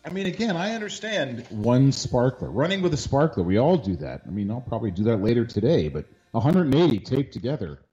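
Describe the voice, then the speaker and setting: A male podcast host with a lively, swinging delivery, cracking dry jokes in casual chat. The recording sounds a bit dull and lo-fi. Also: medium pitch, a little fast, hardly any pauses. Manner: dry, joking.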